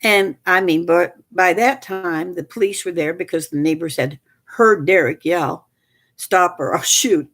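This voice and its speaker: An older woman with a somewhat low voice tells a family story in a loose, rambling way. She stumbles through restarts and fillers. She grows animated as she relives the key moments. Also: measured pace. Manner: animated, rises sharply when reliving moments. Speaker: storyteller recounting family events. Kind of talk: casual spoken storytelling.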